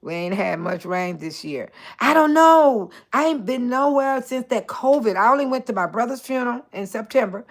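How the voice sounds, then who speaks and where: Chatty older woman host, higher voice. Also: moderate pace, few pauses. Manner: chatty, animated, laughs often, addresses viewers by name. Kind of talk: casual live-stream chat with viewers.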